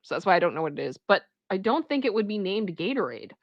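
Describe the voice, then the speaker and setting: A woman's voice: mid-range voice, big pitch swings, fast, no echo, highs cut off. A woman with a Toronto Canadian accent, chatting casually with her livestream chat, rambling with restarts and little asides. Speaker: livestream host.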